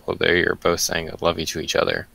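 A man's voice: low voice, completely flat delivery, quick pace, creaky, sharp tone, poor audio. A young man chatting casually over a game, laid-back and dry as he reasons it out. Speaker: game player. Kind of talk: casual let's-play chat.

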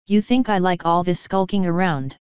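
A woman's voice: fairly low pitch, moderate pace, clean tone, dry recording, highs cut off, lightly acted. A woman voicing a tough female griffon mercenary who talks in a blunt, offhand way, in a storybook reading. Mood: defensive.

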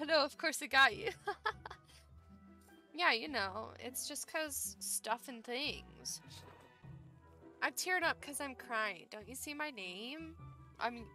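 A woman's voice: on the high side, expressive, measured pace, sharp tone, soft background music. A young woman streaming a game, chatting playfully with her chat in cutesy slang. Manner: playful, cutesy slang, often laughs and yawns. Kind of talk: casual gameplay commentary.

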